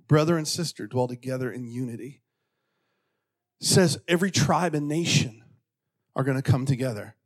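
A middle-aged male pastor preaching a sermon in church, swinging between hushed asides and loud, exclamatory bursts. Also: medium pitch, normal speed, pauses often.

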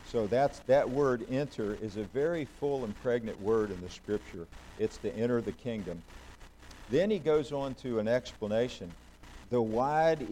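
A man's voice: on the low side, warm tone, a little hiss or hum, low-quality recording. A man, a pastor, preaching a conversational sermon and putting questions to the congregation.

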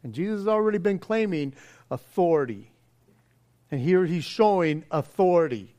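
A man's voice: sits high, animated, normal speed, dark tone. A man preaching a conversational sermon, earnest and casual, with stammering restarts, and often acting out the voices he quotes. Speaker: pastor.

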